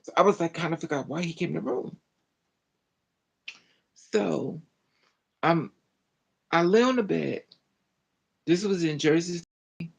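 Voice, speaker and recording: A woman recounting a personal story in an animated, dramatic way, full of colloquial slang. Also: on the low side, a little slow, gravelly, pauses often, husky, rough recording. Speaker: storyteller vlogger.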